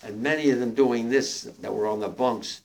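An older man, a war veteran, gives spoken testimony to young listeners, halting and emotional with many restarts. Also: medium pitch, fairly even intonation, creaky, a little mellow.

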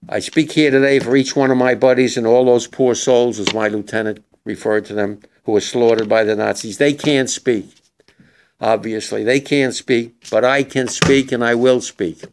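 An older war veteran giving an emotional, halting memorial speech to young people in a hall. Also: male voice, fairly low pitch, vocal fry, darkish tone, a little hiss or hum.

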